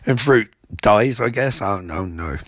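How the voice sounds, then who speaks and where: A young man rambles through a mocking recap of a TV episode, stumbling and restarting as he goes. His voice is on the low side, recorded dry and close with no room sound. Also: expressive, moderate pace, no room sound.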